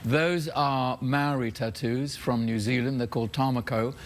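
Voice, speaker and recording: A man's voice: medium pitch, steady tone, a little slow. A man appearing as a guest on a late-night show, telling stories with a dry, amused manner. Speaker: guest actor. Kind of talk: talk show interview. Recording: TV studio with loud background noise.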